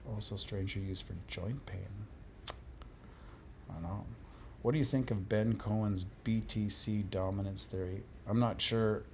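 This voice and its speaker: Man, livestream host, lowish voice, relaxed rambling chat, reads viewer comments. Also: slight background noise. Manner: relaxed, rambling, laughs often. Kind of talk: casual live chat reading viewer comments.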